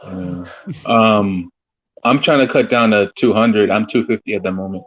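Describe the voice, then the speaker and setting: A man in his late twenties chatting casually, easygoing and quick to agree. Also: lowish voice. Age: late 20s. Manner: easygoing, lots of agreeing murmurs. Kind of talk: casual chat. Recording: dull lo-fi audio.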